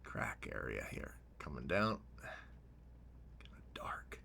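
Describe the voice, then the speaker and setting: Soft-spoken man murmuring while painting. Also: a bass voice, very animated, takes it slowly, creaky. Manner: soft-spoken, often dropping to a near whisper while working. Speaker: painting show host. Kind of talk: relaxed painting tutorial with running commentary.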